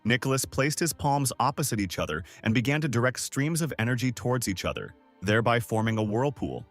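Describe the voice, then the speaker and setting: Animated male story narrator. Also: medium pitch, brisk, soft background music. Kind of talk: scripted story recap narration.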